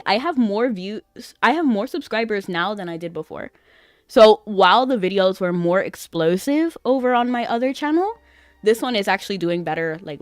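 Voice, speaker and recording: A woman chatting casually as a gaming streamer, excitable and rambling, often giggling. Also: medium pitch, no echo, studio quality.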